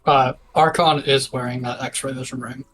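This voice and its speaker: A male player at a tabletop game, casual and blunt, tossing in offhand swearing. His voice sits at an ordinary middle pitch. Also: fairly even intonation, normal speed, a bit bright.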